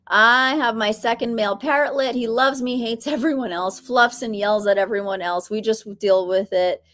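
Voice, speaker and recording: A woman hosting a casual live Q&A, reading viewer comments aloud and chatting freely. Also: a little high. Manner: chatty, reads viewer comments aloud, coos at her bird. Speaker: livestream host.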